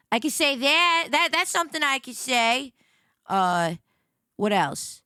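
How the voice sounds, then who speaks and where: A woman's voice: fairly high pitch, very animated, slow, sharp tone, clean tone, dry recording, studio quality. A woman livestreamer chatting casually with her viewers, playful and rambling, often stammering and repeating herself. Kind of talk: casual stream chat.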